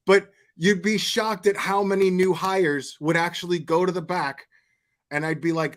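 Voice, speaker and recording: A man doing casual live commentary, telling profane, animated anecdotes and laughing often. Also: high voice, takes it slowly, long pauses. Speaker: commentary streamer.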